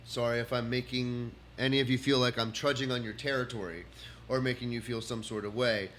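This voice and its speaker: Rambling Texan male comic, mid-pitched voice, faint room hum, casual at-home stream. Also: steady tone, fairly quick, fairly bright tone. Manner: rambling, restarts sentences, reads from notes. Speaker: comedian doing a livestream.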